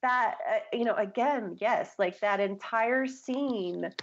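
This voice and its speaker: A woman's voice: fairly high pitch, slow, dull audio, a little hiss or hum. A woman co-hosting a fan podcast, chatting enthusiastically with lots of filler words. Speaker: podcast co-host. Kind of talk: casual chat.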